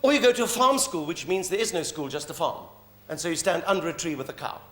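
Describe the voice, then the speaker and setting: Lively South African comic on stage. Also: male voice, on the high side, fast talker. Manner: provocative, mocking, lively. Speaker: comedian. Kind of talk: one-man stage comedy monologue. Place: live theatre stage. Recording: roomy live stage recording, faint hum.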